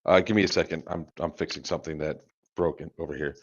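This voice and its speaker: His pitch is extremely low and his tone steady as he rattles off loose, swearing-filled stories at a fast clip, laughing often while hosting a charity livestream. Dull, lo-fi stream sound.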